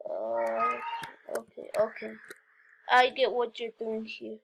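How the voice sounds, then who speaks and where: A woman giving excitable gameplay commentary, talking straight to viewers and often breaking into squeals and repeated cries. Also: fairly high pitch, slow pace, a little hiss or hum. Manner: talks straight to viewers, frequent "okay, guys". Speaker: gaming video host.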